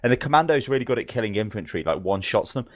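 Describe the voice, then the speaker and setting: A man co-hosting a podcast, telling game stories in a fast, animated, swearing manner. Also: lowish voice, no room sound, studio quality. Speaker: podcast co-host. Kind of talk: casual gaming chat.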